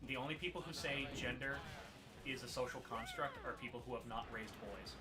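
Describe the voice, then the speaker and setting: A man's voice: medium pitch, fairly quick, loud music behind the voice. A man chatting casually on a podcast, telling wry anecdotes. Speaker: podcast co-host. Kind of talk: casual chat.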